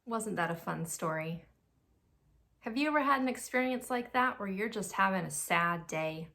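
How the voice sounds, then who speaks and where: A woman preschool teacher reading a picture book aloud to young children in an expressive, child-directed way. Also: medium pitch, normal speed, creaky.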